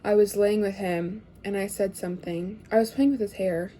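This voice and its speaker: A young woman telling a casual storytime, chatty and full of fillers, often dropping to hushed tones. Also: mid-range voice, steady tone, moderate pace, slight background noise.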